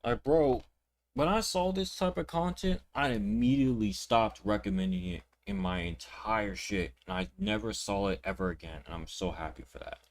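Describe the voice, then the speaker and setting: In his reaction commentary, a young host with an expressive, lowish voice rants at clips with indignation at a moderate pace. He swears, repeats himself and frequently restarts sentences.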